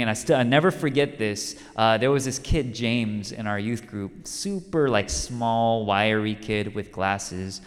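A man's voice: fairly low pitch, a little slow, fairly bright tone. A male pastor preaching a sermon in a conversational way, telling a story and repeating key lines for emphasis. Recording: long reverb of a large hall.

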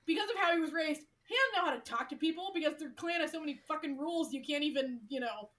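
A woman's voice: high-pitched, expressive, quick pace, a bit bright. A woman co-hosting a casual podcast, gushing about a show, swearing freely and saying "like" a lot. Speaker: podcast co-host.

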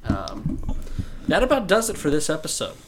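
Man, podcast host, dry teasing quips, a bit high-pitched, faint hiss. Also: huge pitch swings, normal speed. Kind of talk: casual chat.

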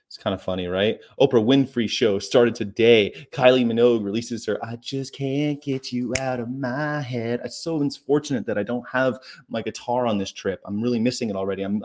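A man hosting a casual daily chat, rambling through the day's history with fillers and asides. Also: mid-range voice. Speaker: vegan channel host.

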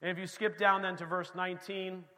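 A man preaching a sermon in a church, swinging between loud emphasis and soft, quiet passages. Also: high-pitched, little pitch movement, a little fast, in a large hall. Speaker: pastor.

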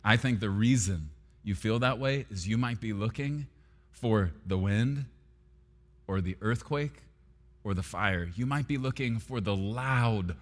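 A man preaching a sermon as pastor, swinging between loud emphasis and hushed, near-whispered lines. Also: fairly low pitch. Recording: long hall reverb with soft guitar underneath.

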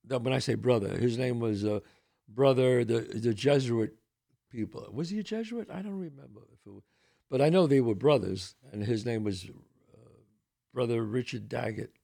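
In a casual storytelling style, this older podcast host from the Bronx, New York performs the voices of those he quotes with lively animation. His voice is medium-pitched and creaky, moving at a normal speed.

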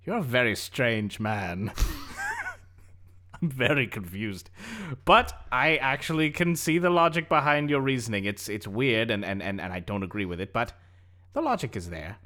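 Male player, animated voice with a wide pitch range, playful and excitable. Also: moderate pace. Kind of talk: tabletop game chat.

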